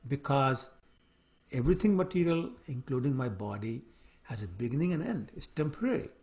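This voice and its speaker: A man playing a calm, detached sage. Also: medium pitch, normal speed.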